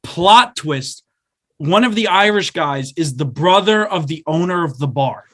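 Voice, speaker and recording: A young man in his twenties spins a long, rambling story on a podcast, slipping into quick imitations of the people in it. His voice sits a touch high for a man, and his talk stays loose and casual. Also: animated, a bit bright. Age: 20s. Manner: rambling anecdote with acted-out quotes. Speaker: podcast co-host.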